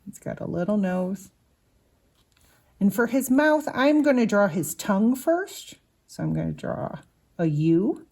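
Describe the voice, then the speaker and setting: A woman's voice: mid-range voice, sing-song, a little slow, vocal fry, a little mellow. A woman teaching young children to draw, patiently explaining each step as she draws. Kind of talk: slow drawing lesson for children.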